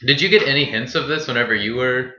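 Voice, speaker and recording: A man's voice: mid-range voice, sharp tone, reverberant, dull audio, slight background noise. A young man hosting a casual podcast chat, prompting his friends with questions. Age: young adult. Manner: prompting questions, quick to laugh.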